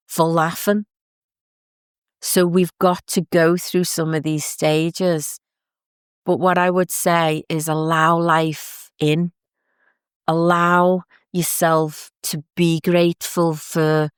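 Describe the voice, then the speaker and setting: A woman, hosting a podcast and talking gently and heartfelt about grief, with soft asides. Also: low-pitched, smooth, dry recording, clean studio sound. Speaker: podcast host and psychic medium. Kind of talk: reflective spoken talk.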